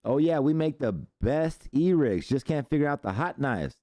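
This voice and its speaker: Animated, profane man hosting a live stream. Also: fairly high pitch, normal speed, no room sound. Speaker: show host. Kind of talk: casual live-stream chat reading viewer comments.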